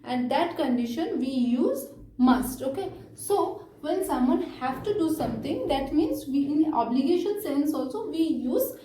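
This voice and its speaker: A woman teaching an English grammar lesson, explaining slowly with frequent fillers and check-ins like "okay?". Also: high voice, animated, warm tone, reverberant, a little hiss or hum, low-quality recording.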